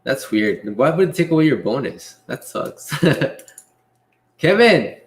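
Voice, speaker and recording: A young man hosting a casual livestream Q&A, reading chat messages aloud and answering in a relaxed way with frequent laughs. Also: mid-range voice, slow. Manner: laid-back, reads chat aloud, laughs often. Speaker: livestream host and delivery driver.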